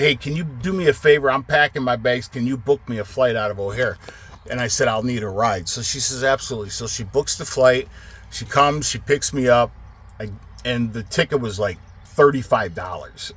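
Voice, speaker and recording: A middle-aged man rambles through a trucking story in a casual monologue, cursing freely. His voice sits at an ordinary pitch for a man, and he grows heated and loud as he retells it. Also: slightly rough. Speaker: trucking company owner.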